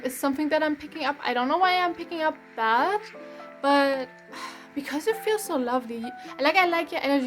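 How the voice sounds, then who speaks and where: A young German woman with a German accent and a high-pitched voice gives a casual tarot reading. She rambles, restarts often, and laughs lightly along the way.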